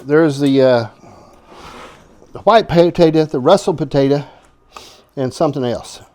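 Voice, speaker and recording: A man's voice: a little high, measured pace, warm tone, slight background noise. A man hosting his own home cooking vlog, talking in a folksy, rambling way with chuckling asides. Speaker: home cooking show host.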